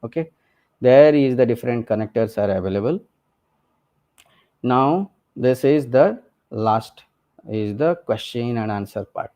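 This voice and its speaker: A man presenting a technical walkthrough of a software demo, speaking conversationally with many fillers and "okay" and "right?" checks. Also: medium pitch, animated, measured pace, pauses often.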